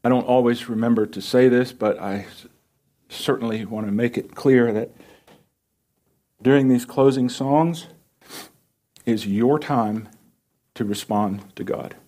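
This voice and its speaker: A man's voice: medium pitch, unhurried, pauses often, mellow. A male pastor preaching an earnest, pleading sermon and closing it in prayer.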